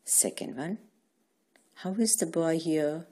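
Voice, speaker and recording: A woman's voice: deep voice, slow pace, mellow, slightly rough. A woman teacher, giving a patient grammar lesson to young children and answering her own questions. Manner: patient, asks questions and answers them herself.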